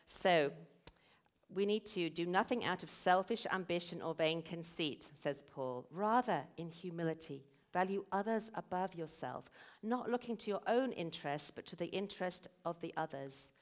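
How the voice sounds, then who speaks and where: Woman, middle-aged, lowish voice, earnest church sermon. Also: lively intonation, normal speed. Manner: earnest, storytelling. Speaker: guest speaker at a church service.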